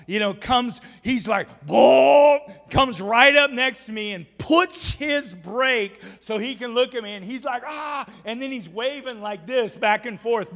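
A high-voiced man preaches with animated, exhorting energy, breaking into acted-out scenes. His voice rings through a church with a long reverb. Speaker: pastor. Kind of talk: sermon.

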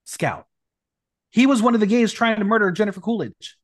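A man's voice: high-pitched, fairly quick. A man hosting a recap podcast, reading a script in a sassy, teasing way and bantering with his guest. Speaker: podcast host.

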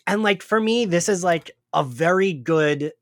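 A woman from New Jersey near Philadelphia with a South Jersey accent, co-hosting a podcast in casual chat, animated and laughing often. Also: fairly low pitch, unhurried, no room sound, clean studio sound. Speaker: podcast co-host.

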